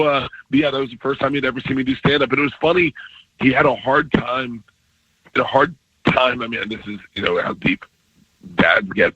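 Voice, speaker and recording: Animated, laughing middle-aged man on the phone. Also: medium pitch, husky, poor audio. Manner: animated storyteller, laughs often, acts out quotes. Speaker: comedian guest. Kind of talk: casual radio interview. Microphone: phone call-in.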